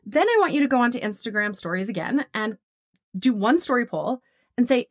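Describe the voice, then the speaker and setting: A woman hosting a coaching podcast, talking photographers through ideas in a chatty, upbeat way and acting out quoted conversations with big jumps in pitch. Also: very animated, a little fast, dry recording, clean studio sound. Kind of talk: casual coaching monologue.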